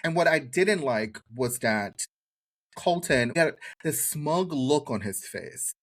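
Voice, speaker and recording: A man's voice: fairly high pitch, slow pace. A man co-hosting a podcast with an American accent, recapping a reality show in casual chat and acting out what people said. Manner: animated storyteller acting out quotes. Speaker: podcast co-host.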